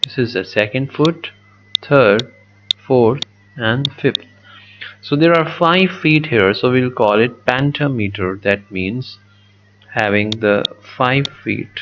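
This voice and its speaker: Slow, methodical male teacher. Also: mid-range voice, muffled recording, noisy background. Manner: slow, methodical, repeats words while writing. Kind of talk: poetry lesson with a digital pen.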